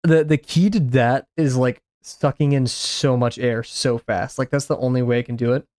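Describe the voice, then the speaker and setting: A man's voice: mid-range voice, fairly even intonation, moderate pace, a little mellow, dry recording, clean studio sound. A man chatting casually while he draws on a stream, rambling with lots of fillers and restarts. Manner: rambling, filler-heavy musing. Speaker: art streamer. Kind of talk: casual chat while drawing.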